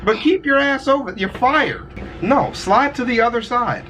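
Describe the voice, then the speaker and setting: A man's voice: very high-pitched, expressive, moderate pace, sharp tone, a little hiss or hum. A man hosting a video reaction, joking and teasing his co-host as he talks over the clip. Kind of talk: casual chat.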